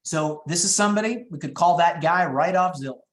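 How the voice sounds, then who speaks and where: A middle-aged man leading a real estate training session, talking in an upbeat, high-energy way and moving quickly through his points. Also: reverberant. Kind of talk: training webinar talk.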